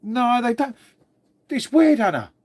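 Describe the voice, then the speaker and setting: A man's voice: very high voice, very animated, unhurried, darkish tone. A middle-aged man from England hosting a casual live stream, rambling on, swearing freely and calling everyone mate.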